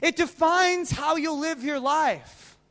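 A man preaching a sermon with impassioned delivery that swings from loud declarations to hushed confessions. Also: extremely high pitch, takes it slowly. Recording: long reverb of a large hall.

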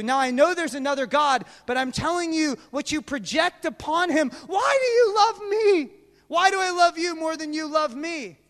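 A man preaching a sermon with impassioned delivery that swings from loud declarations to hushed confessions. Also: very high-pitched. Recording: long reverb of a large hall.

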